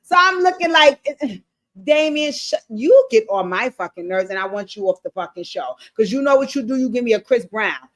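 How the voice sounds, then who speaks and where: A woman giving a casual recap of a TV episode, animated and blunt, swearing freely and talking straight to her viewers. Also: a little high, brisk. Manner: animated, blunt and profane, addressing viewers directly. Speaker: TV show recap streamer. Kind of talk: casual show recap commentary.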